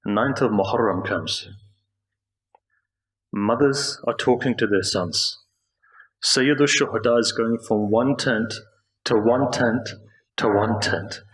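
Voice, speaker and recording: A man speaking at a mosque, delivering a slow, grieving sermon narration during a Muharram gathering. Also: mid-range voice, a bit bright. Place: mosque prayer hall. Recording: echoey mosque hall.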